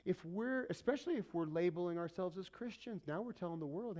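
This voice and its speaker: A man's voice: fairly high pitch, animated, quick pace, few pauses, darkish tone. A man preaching a conversational sermon, asking rhetorical questions and repeating points for emphasis. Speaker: pastor.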